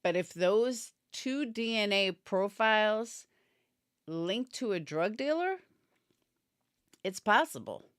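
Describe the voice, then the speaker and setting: A woman's voice: mid-range voice, lively intonation, slow pace, pauses often, clear, resonant tone, dry recording, clean studio sound. A woman giving opinionated casual commentary on a true crime case, answering viewers by name and yawning as she talks. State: yawning, tired. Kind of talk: casual live-stream commentary.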